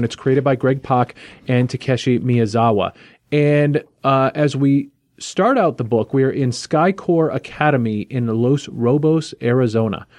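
A man's voice: mid-range voice, no echo. A man hosting a podcast talks easily and casually, scattering fillers as he sets up the next book. The sound is dry and close, with no room around it. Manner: relaxed, chatty, with fillers like "like" and "you know". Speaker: podcast host.

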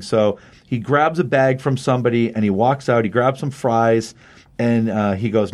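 A man on a podcast casually retelling a comic book plot, acting out each character's lines by jumping his pitch up. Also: steady tone, moderate pace. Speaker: podcast co-host recapping a comic. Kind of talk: casual chat, animated retelling with quoted voices.

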